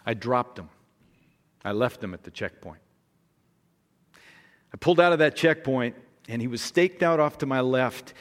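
A middle-aged man giving a sermon as guest speaker, telling a story with lively acted-out voices. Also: medium pitch. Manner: animated storyteller, acting out voices. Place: large church hall. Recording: long hall reverb.

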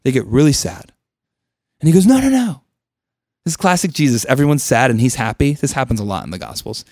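A man's voice: mid-range voice, animated, quick pace, vocal fry, a little mellow, no room sound, studio quality. A man leading a Bible study in a casual teaching style, conversational, with joking asides and questions to the group.

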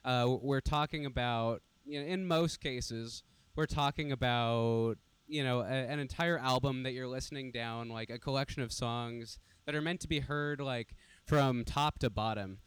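A young man in casual chat, relaxed and hedging with lots of fillers. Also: medium pitch, moderate pace, few pauses, smooth, no echo. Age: young adult.

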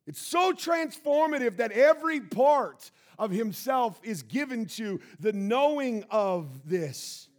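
A man preaching a sermon as pastor of his church, building to shouted emphasis. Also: very high voice, big pitch swings, takes it slowly, hardly any pauses. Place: church sanctuary.

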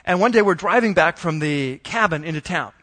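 A middle-aged man preaching a sermon in a relaxed, conversational way, telling a family story with plenty of ums and restarts. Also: on the high side, a little fast. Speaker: pastor.

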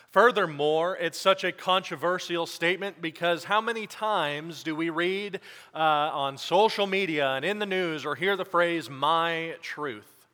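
Guy preaching in a church, bright forceful voice, kinda high, long echo off the walls. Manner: halting with many fillers, then emphatic preaching. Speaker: pastor. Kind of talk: sermon with announcements. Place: church sanctuary.

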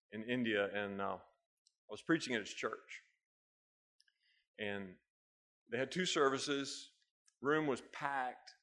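A man's voice: mid-range voice, a bit bright. An American man preaching a sermon, telling a story and then building to emphatic exhortations. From United States. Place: church hall with a live congregation.

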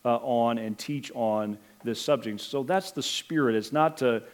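A middle-aged man preaching a sermon as pastor, in an earnest, measured way with some hesitant fillers. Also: medium pitch.

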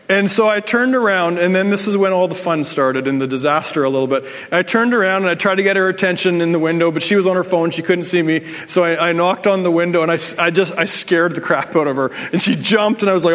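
A man's voice: sits high, fairly quick, a bit bright, big-room sound. A male pastor telling a personal story in a sermon, with self-deprecating humor and frequent restarts.

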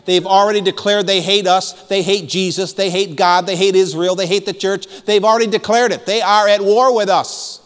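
A man preaching with fervent, emphatic insistence, his voice sitting a little high. The sound rings with the long reverb of a church hall. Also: little pitch movement, moderate pace, hardly any pauses. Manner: fervent, emphatic preaching with repeated calls to listen. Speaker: pastor. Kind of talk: sermon.

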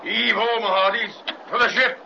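An actor playing a swaggering pirate mate in an old radio play, barking orders. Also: male voice, high-pitched, fairly even intonation, moderate pace, close to an everyday voice. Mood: commanding. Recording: dull old radio recording with hiss.

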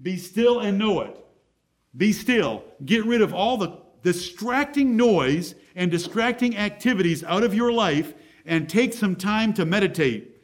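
Pastor guy preaching in church, kinda high voice, slow careful scripture reading. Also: expressive. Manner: earnest preaching, reads scripture slowly with emphasis. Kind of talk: sermon.

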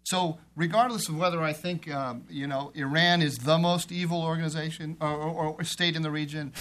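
A man speaking on a policy panel, with a voice that sits a little higher than most men's. He argues emphatically, circling back and repeating phrases to drive his point home. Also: steady tone, a little fast, a bit bright. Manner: emphatic, repeats phrases while building an argument.

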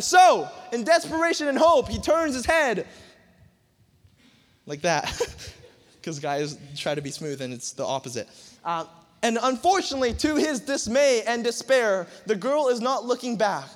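A young man preaching a lively youth sermon, joking and acting out movie scenes with sudden shouts. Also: very high voice, unhurried. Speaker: youth pastor. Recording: voice in a large reverberant hall.

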